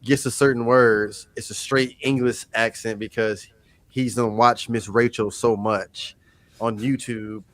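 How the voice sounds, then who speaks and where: A man hosting a casual livestream chat, telling stories in loose slangy talk and jumping into high mocking voices for quotes. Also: steady tone, measured pace, a bit bright, no room sound. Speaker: host.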